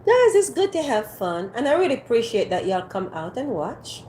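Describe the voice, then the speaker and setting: High, lively woman chatting on a livestream. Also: moderate pace, a little hiss or hum. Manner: playful, teasing, coaxing the chat. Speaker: livestream host. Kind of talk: casual livestream chat with viewers. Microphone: phone on a ring light.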